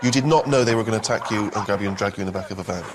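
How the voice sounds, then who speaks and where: A male co-host fires off mock-earnest questions in a brisk, low voice. He sounds half serious, half setting up the joke. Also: background noise. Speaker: comedy talk show co-host. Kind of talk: casual interview questions.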